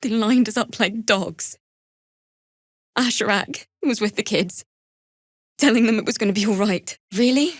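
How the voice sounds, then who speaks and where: A woman's voice: a little high, a little slow, long pauses, dry recording, clean studio sound. A woman voicing a young bard in a video game, earnest and grieving, who swings from shy apologies to sudden anger. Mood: wistful. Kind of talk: video game character dialogue.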